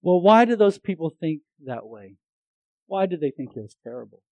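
Man preacher, high-pitched, dry close mic, moves from loud to hushed and jokes between points. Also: big pitch swings, normal speed, dry recording, narrow, tinny audio. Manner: swings between loud emphatic lines and hushed earnest ones. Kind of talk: sermon.

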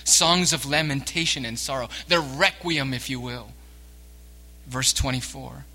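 Male pastor, dramatic sermon delivery, bright tense tone, husky edge. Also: mid-range voice, measured pace. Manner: dramatic, swings between hushed and emphatic. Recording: long reverb of a church hall.

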